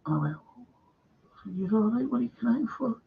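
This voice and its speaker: A man's voice: extremely high pitch, expressive, normal speed, vocal fry, slightly rough. An older man with a Liverpool accent, chatting casually as a show host and rambling through sweary anecdotes. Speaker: podcast host. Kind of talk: casual chat. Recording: dull lo-fi recording.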